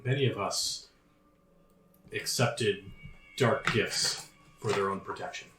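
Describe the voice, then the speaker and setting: A man voicing a weary townswoman living in hell, who speaks in a grave, halting, subdued way. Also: lowish voice, over music. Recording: roomy echo, faint noise.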